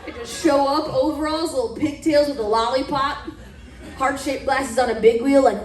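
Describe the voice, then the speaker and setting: A woman's voice: high-pitched, steady tone, moderate pace. A young woman from Mississippi doing a crude stand-up routine, laughing at her own jokes and acting out voices. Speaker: stand-up comedian. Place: comedy club stage. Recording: echoey club room, distant mic. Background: audience laughter.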